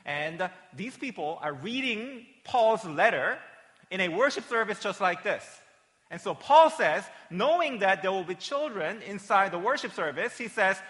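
A man in his forties preaching to children in a church, his bright, slightly high voice carrying through a long reverb. He talks casually, checking in with the kids as he goes. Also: expressive, moderate pace. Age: 40s. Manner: chatty, checks in with "right?" and "okay?". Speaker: pastor. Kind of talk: children's sermon. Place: church sanctuary during a worship service.

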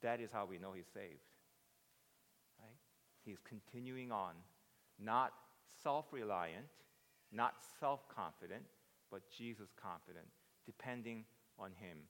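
A man preaching a sermon, moving between hushed reflection and loud, excited retelling. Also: fairly low pitch, measured pace. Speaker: pastor. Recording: preached in a reverberant hall.

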